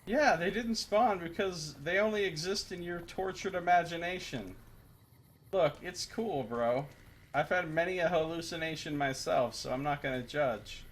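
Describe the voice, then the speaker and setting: A man's voice: fairly high pitch, moderate pace, a little hiss or hum. Profane, joking male game streamer. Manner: profane, joking asides to chat. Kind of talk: casual live-stream commentary while gaming.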